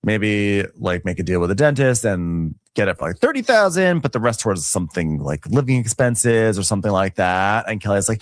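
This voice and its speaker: A man co-hosting a casual recap podcast, gossipy and animated, laughing often. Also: lowish voice, a little fast, hardly any pauses, dry recording, studio quality. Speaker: podcast co-host.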